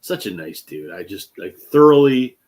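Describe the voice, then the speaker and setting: A man with a fairly low voice, hosting a relaxed chat. He tells a story with animation and slips into the voices of the people he quotes. His speech is full of fillers and restarts. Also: normal speed. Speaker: host.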